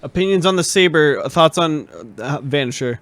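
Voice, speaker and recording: A man co-hosting a live podcast, teasing the others with quick jokes in casual chat. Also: on the high side, a bit bright. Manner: joking, teasing interjections. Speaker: podcast co-host.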